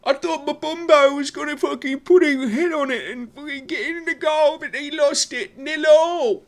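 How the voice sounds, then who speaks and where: A man voicing a rowdy female football fan, yelling at the television in mockery. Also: extremely high pitch, normal speed, pitched above the performer's own voice. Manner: yelling, chanting, mocking.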